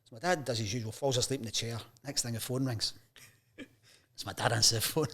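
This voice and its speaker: Quick and slightly breathy, his mid-range voice carries casual anecdotes on a chat show. He is a Scottish sports journalist in his fifties, and he brings each story to life by voicing the people in it.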